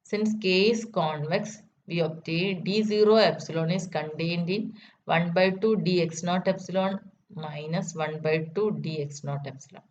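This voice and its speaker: A woman's voice: lowish voice, steady tone, measured pace. A woman lecturer working through a mathematics proof step by step, often repeating key statements. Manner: methodical, repeats key steps. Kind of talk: math lecture. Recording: dull lo-fi recording with faint noise.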